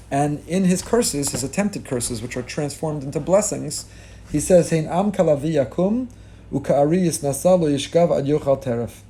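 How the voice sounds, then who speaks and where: A middle-aged rabbi giving a sermon with rising emphasis, mixing in Hebrew and Yiddish religious terms. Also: male voice, on the high side, warm tone. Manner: impassioned, rising emphasis on key lines.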